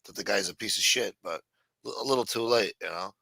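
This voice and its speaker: A man hosting a casual talk show, easygoing and quick to agree with his guest. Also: on the low side, vocal fry, pushed and bright, slightly rough, dry recording, rough recording. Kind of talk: casual chat.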